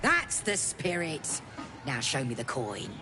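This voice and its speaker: A woman voicing a brash goblin who runs a chicken-chase game, gruff, bossy and taunting. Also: extremely low pitch, wildly swooping pitch, takes it slowly, background noise, exaggerated voice. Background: game music.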